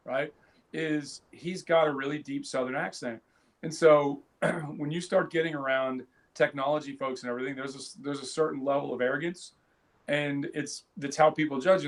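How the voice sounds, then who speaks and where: A man on a tech podcast with a slightly higher voice, chatting casually. He tells his stories with energy, often restarts sentences and laughs loudly along the way. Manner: animated storyteller, laughs loudly, frequent restarts. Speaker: podcast co-host. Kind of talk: casual chat.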